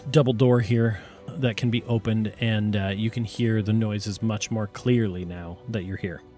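A man's voice: on the low side, moderate pace, faint music behind. Easygoing man running a tabletop game. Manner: relaxed, conversational narration with fillers. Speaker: game master.

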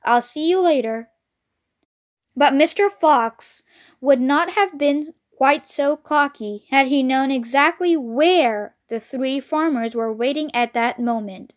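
A woman narrating a children's storybook as a read-along, reading clearly and expressively. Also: high-pitched, takes it slowly.

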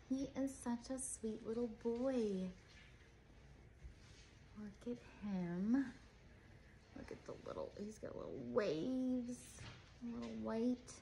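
A woman's voice: fairly high pitch, warm tone, slight background noise. A woman who breeds dogs, showing puppies one by one and cooing at them in baby talk. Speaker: dog breeder. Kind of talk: cooing puppy showcase.

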